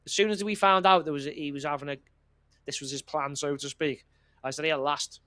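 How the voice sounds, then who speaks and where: A man's voice: fairly high pitch, brisk, bright, forceful tone. A man co-hosting a casual political chat, talking bluntly and swearing as he rambles. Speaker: podcast co-host.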